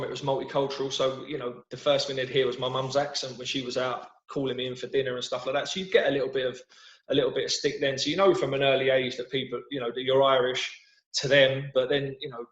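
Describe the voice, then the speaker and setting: Brief: London English man, interview guest, mid-pitched, rambling restarts; echoey, muffled video-call sound. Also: steady tone, fast. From London, England. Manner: rambling, frequent restarts and repeated words. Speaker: football manager guest. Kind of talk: casual interview chat. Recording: roomy, dull video-call audio.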